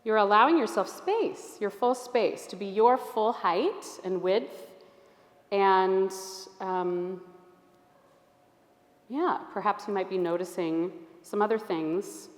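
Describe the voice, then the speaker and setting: A woman's voice: mid-range voice, takes it slowly. Encouraging woman teacher in an echoey church. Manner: gentle, encouraging, invites the group to try things. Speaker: Alexander Technique teacher leading a workshop. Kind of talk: guiding a group exercise.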